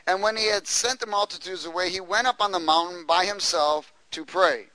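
A man preaching a lively sermon, laughing often and tossing questions to the congregation. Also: high-pitched, fairly quick, low-quality recording.

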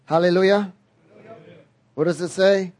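A man's voice: high voice, steady tone, measured pace, a little mellow. A man preaching a sermon in an emphatic way, repeating key phrases and drawing call-and-response from the congregation.

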